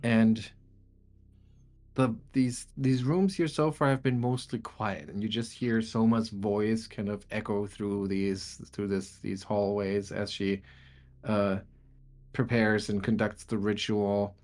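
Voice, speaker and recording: Game master, male, unhurried narration, pauses often to describe scenes. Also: on the low side, steady tone, a little mellow. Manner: measured, halting descriptive narration.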